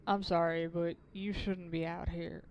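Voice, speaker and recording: A woman voicing a grieving, sleepless male colonist uncle who talks slowly and somberly. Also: lowish voice, flat delivery, darkish tone, slight background noise, lightly acted. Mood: pleading. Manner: slow, somber, tired.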